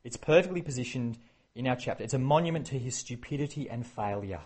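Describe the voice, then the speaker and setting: A man preaching a sermon, animated and acting out the quoted exchanges. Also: mid-range voice, fast talker, slightly rough. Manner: animated, acts out quoted exchanges, many fillers.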